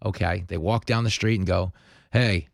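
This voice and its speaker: A man's voice: deep voice, a little fast, vocal fry, no room sound, clean studio sound. A man hosting an opinion podcast, talking emphatically and telling stories with energy. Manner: emphatic, animated storytelling. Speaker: podcast host. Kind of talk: opinion commentary.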